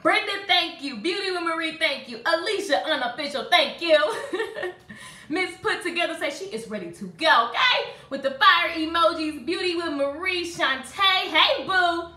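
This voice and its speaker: High bright woman hyping her live stream. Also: lively intonation, moderate pace, roomy sound. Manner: hyped, sings motivational chant, talks to commenters. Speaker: live-stream host and salon business coach. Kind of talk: casual live-stream chat with viewers.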